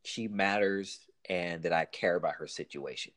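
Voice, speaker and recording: Male cop guest, very low voice, thoughtful and halting, dry close sound. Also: fairly bright tone, no echo. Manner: halting, reflective, with restarts. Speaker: police officer guest. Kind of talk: casual chat.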